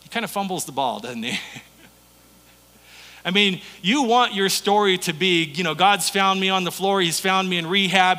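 A male pastor delivers his sermon like he's telling a story to friends. His voice sits high and bright. It rings out with a long hall reverb, as if in a church sanctuary. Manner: conversational storytelling preaching.

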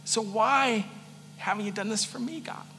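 A man acting out a grieving woman who pours out her hurt to God in broken, repeating pleas. The voice is sharp and bright. It echoes through a long reverberant hall over a faint hum. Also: high-pitched, pitched above the performer's own voice. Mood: anguished pleading. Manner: pleading, halting, repeated appeals.

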